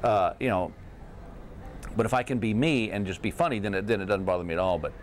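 A fast-talking man with a fairly low pitch, this middle-aged Texas comedian is a guest in a casual hotel-room interview, with slight background noise. He's animated as he tells his stories, laughing his way through them.

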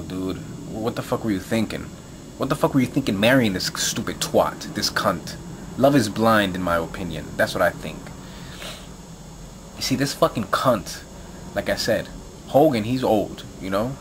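A man's voice: on the low side, slight background noise. A man talking straight to his viewers in a heated, profane rant, rambling with lots of fillers and repeats. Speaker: video blogger. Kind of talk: angry profane rant to camera.

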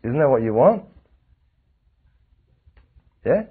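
Animated man teaching a class. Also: medium pitch, takes it slowly, husky. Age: 40s. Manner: animated, rhetorical questions, coaxing students. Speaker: religious teacher. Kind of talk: class lecture with questions to students. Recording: tinny lo-fi lecture recording.

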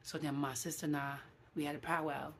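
A middle-aged woman from New City, talking casually to camera in a vlog. She is animated and acts out quoted voices, with many fillers. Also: low voice, a little fast, a little hiss or hum. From New York City. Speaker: vlogger.

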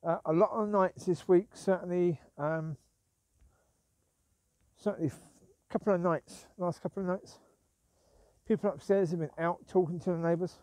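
A man's voice: high-pitched, fairly even intonation, normal speed, a little mellow, dry recording. Grumbling man on a night walk. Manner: grumbling, repeats himself, calls sharply to his dogs. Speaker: vlogger walking his dogs. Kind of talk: rambling walk-and-talk. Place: outdoors at night on a street.

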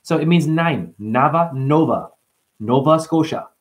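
A man's voice: a little high, unhurried. A man hosting a livestream, casually reading out chat comments and joking with viewers by name. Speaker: livestream host.

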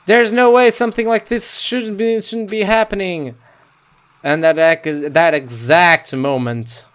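A man's voice: high-pitched, fairly even intonation, measured pace, a bit bright, smooth. A man playing a video game and commenting on it, reading the game's text aloud and swinging between cheering and cursing. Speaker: let's play gamer. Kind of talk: let's play commentary.

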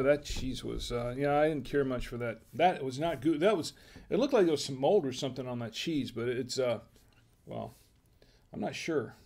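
A man's voice: on the high side, darkish tone. A man hosting a casual wine tasting livestream, musing aloud in a hesitant, chatty way. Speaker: wine review show host.

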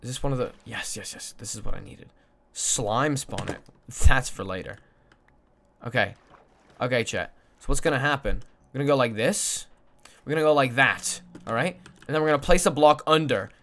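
A young man live-streaming a game, mumbling to himself and his chat, swearing often and breaking into loud excited shouts. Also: mid-range voice, normal speed. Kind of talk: casual gaming livestream chat.

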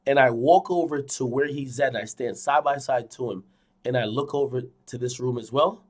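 A young man streaming, telling a dream to his viewers in a casual, animated way, swinging from loud to hushed, repeating phrases and swearing a lot. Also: mid-range voice, moderate pace. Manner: frequent fillers and profanity. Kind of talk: casual storytelling to a live audience.

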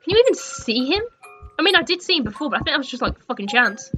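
A young woman playing a horror game, swearing a lot and jumping between frightened shrieks and low mutters. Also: very animated, fast talker, music in the background. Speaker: gaming streamer.

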